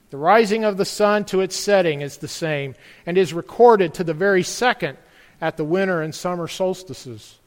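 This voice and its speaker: Man preaching in church; earnest, questioning delivery, high-pitched, ringing reverb. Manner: earnest, rhetorical questions to the congregation. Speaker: pastor. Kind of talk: sermon.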